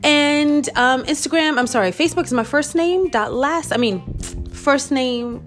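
A woman's voice: high-pitched, a little slow, a bit bright, soft background music. A woman guest on a podcast, chatting casually, speaking carefully and answering with dry comebacks. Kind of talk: casual chat.

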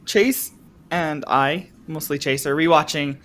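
A man's voice: on the high side, a little slow, a bit bright. A man co-hosting a casual podcast, rambling and searching for his words. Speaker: podcast co-host. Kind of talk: casual chat.

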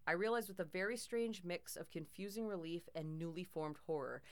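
A woman's voice: on the low side, a little fast. A woman narrating a first-person horror story in a tense, dramatic way.

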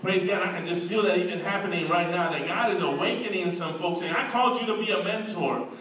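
A man's voice: sits high, quick pace, a crowd in the background. A man preaching a sermon, telling his own story in a conversational way and building to fervent praise. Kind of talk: sermon testimony. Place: church sanctuary. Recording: echoey hall from far off, muffled.

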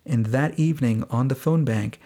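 Man, middle-aged, podcast host, personal storytelling, sardonic, breathy rasp. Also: medium pitch, moderate pace, dark tone. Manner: candid, laughs while telling, sardonic.

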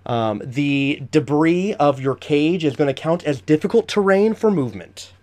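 A man's voice: fairly high pitch, animated, normal speed, darkish tone. A man running a tabletop game as game master, narrating the action vividly and chatting with frequent fillers.

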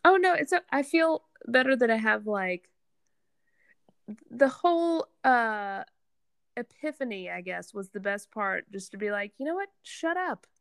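Woman with a gravelly, candid voice. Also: on the high side, a little slow, no echo, clean studio sound. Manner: candid, self-deprecating, venting. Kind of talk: casual chat.

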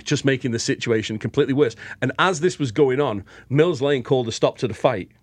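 British man telling animated stories. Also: mid-range voice, fairly quick, no echo. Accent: British English. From England. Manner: animated storyteller, laughs often. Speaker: guest. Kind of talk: casual chat.

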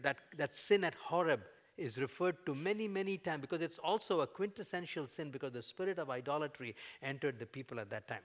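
A man preaching a sermon, conversational with fillers, building to loud, emphatic peaks as he voices prayers. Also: mid-range voice. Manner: fillers and restarts, conversational teaching.

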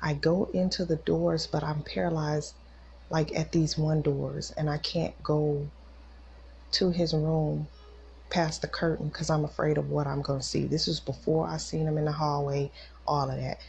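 A woman's voice: sits low, flat delivery, normal speed, vocal fry, mellow. A mother and podcast host telling a personal testimony with emotion, talking straight to her listeners. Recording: dull lo-fi recording with faint noise.

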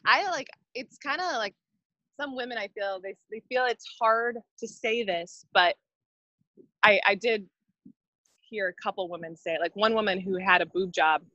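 A woman's voice: medium pitch, normal speed, bright, forceful tone, dry recording, lo-fi sound. A married woman talking in a casual conversation, opinionated and rambling. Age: adult, married.

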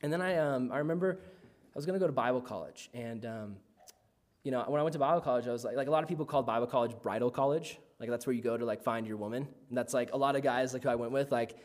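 A man's voice: mid-range voice, quick pace, darkish tone. Chatty man telling a personal story. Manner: casual, lots of "like" fillers. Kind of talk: personal faith testimony.

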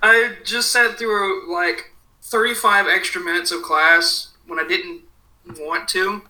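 A man's voice: sits high, fairly even intonation, takes it slowly, pushed and bright, slight background noise, poor audio. A young man as a podcast guest, tired and sarcastic and swearing often. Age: young adult. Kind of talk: casual chat.

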